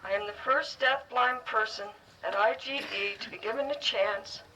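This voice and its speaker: An earnest woman delivers a heartfelt graduation speech in short, halting phrases, her voice bright and a little high. She is picked up from some distance, with a faint hiss behind her. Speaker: guide dog school graduate giving a speech. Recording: distant, faintly noisy ceremony recording.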